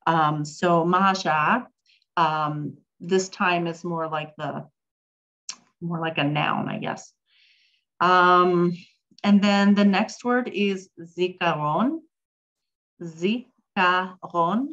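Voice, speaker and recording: Speaking slowly, with a fairly low pitch, fairly even intonation, and a somewhat bright tone, a Hebrew teacher gives a casual online lesson. She chats freely, uses plenty of ums, and reads and answers questions from the chat; the audio is dull.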